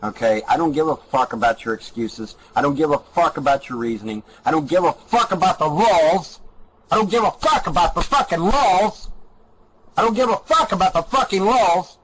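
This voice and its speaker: A man's voice: on the high side, lively intonation, normal speed, a bit bright, slight background noise. A man taunting someone with angry, profane challenges. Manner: taunting, cursing.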